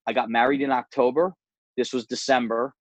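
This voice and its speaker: A man in his forties, a martial arts gym owner, telling his story candidly as an interview guest, earnest and quick, often repeating words. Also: mid-range voice, flat delivery, dry recording.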